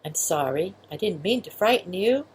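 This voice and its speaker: A woman voicing a gentle five-year-old girl in a storybook reading, speaking softly and sweetly. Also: on the low side, animated, normal speed, a little hiss or hum, natural voice. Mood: soft apologetic. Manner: soft, sweet, apologetic.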